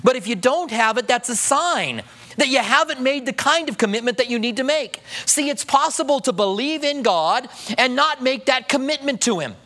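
High-voiced man preaching a conversational sermon. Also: lively intonation, normal speed. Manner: conversational preaching with rhetorical questions; drops to a soft hush when voicing prayers. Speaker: pastor. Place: church.

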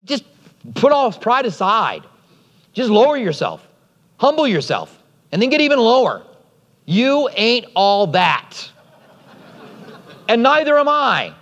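A man preaching a sermon in a lively, conversational way, with joking asides. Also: very high voice, takes it slowly, long pauses, highs cut off. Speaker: pastor. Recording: long hall reverb.

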